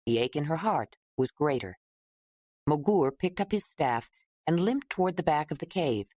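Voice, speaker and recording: A woman narrating an audiobook in a measured, steady way. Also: sits low, dry recording, studio quality.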